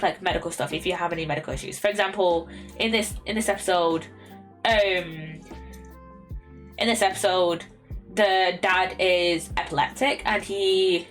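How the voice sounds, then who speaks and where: A woman's voice: fairly low pitch, a bit bright. Rambling young Englishwoman chatting. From England. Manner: rambling, many ums and restarts. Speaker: streamer. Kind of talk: casual chat.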